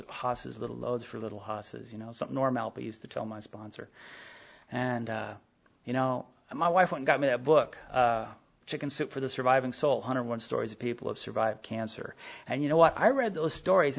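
A man's voice: medium pitch, gravelly, breathy edge. A middle-aged man giving a rambling personal talk at a recovery meeting, full of fillers and quoted dialogue. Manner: rambling storytelling with many fillers, quoting others. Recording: dull lo-fi recording.

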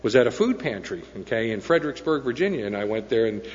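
A man's voice: mid-range voice, very animated, quick pace. A man sharing a personal story at a recovery meeting, earnest and peppered with "okay?" and "right?". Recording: dull sound with long hall echo.

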